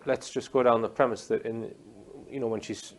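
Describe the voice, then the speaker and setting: A man's voice: mid-range voice, steady tone, moderate pace. A man hosting an interview, probing with short follow-up questions. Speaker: interview host.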